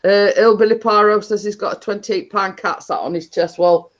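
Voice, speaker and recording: A woman's voice: mid-range voice, steady tone, moderate pace. Middle-aged woman, livestream host, chatty, rambling, many ums and repeats. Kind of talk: casual chat to a live audience.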